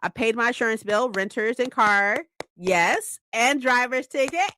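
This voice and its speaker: A woman's voice: a little high, a little slow, slight background noise. Bubbly young woman chatting at home. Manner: bubbly, chatty, squeals when excited. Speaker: vlogger. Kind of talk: casual chat.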